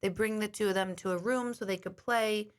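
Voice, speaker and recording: A woman's voice: mid-range voice, steady tone, fairly quick. A middle-aged woman host chatting casually to her viewers, telling a long rambling story. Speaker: intuitive host.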